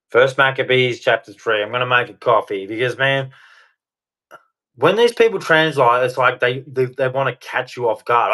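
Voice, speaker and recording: A man talking on his own live stream from a home studio, his voice at an ordinary mid pitch. He rambles in a blunt, mildly crude way and often cuts himself off mid-sentence. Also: moderate pace, pushed and bright. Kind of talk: casual live stream rant.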